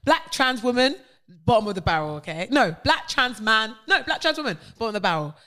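A woman's voice: on the high side, a little fast. A woman from England, a guest comedian in a casual chat, acting out the voices in her stories. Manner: animated storyteller who acts out voices.

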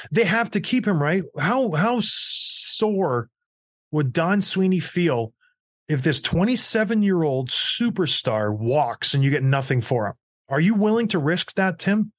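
A man hosting a casual hockey talk show, firing off excitable, rapid questions. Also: fairly high pitch, no echo. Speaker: sports talk show host.

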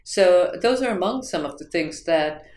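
An American woman who teaches writing is interviewed about her teaching, her lowish, darkish voice expressive and at normal speed. She rambles reflectively through stories with fillers and restarts, and the recording has a roomy echo.

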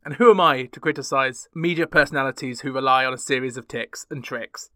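A man's voice: medium pitch, fairly quick, pushed and bright, dry recording, clean studio sound. A man from the UK hosting a chart rundown podcast, chatty with wry asides. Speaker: podcast host.

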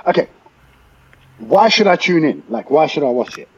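A fairly high-pitched man with a London accent and a husky edge. He hosts a podcast in a loose, animated way, stringing stories together with "right?" and "like". The recording sounds a bit dull and lo-fi. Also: moderate pace. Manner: animated storyteller, chatty with many "like" and "right?" fillers. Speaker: podcast host. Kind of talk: casual chat.

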